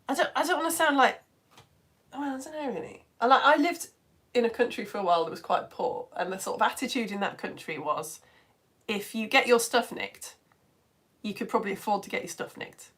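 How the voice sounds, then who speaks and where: A woman, an online science teacher chatting casually and warmly reading out viewer comments during a live stream. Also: mid-range voice. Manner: chatty and effusive, reads comments aloud.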